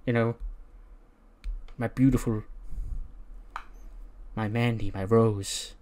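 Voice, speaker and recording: A man voicing a heartbroken male wrestler moping at a bar over a lost love, in a slow, mournful way. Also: lowish voice, steady tone, a little mellow.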